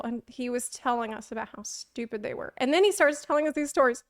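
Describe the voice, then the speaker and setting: A woman streamer telling a story casually on a stream into a close mic, animated, laughing often and acting out the quotes. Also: fairly high pitch, fast talker, dry recording.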